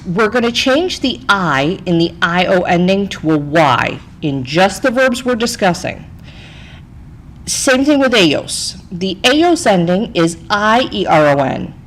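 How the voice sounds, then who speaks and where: A woman's voice: medium pitch, big pitch swings, takes it slowly, a little hiss or hum, rough recording. A woman Spanish teacher narrating a recorded slide lesson, chatty, explaining step by step and checking in with "okay?".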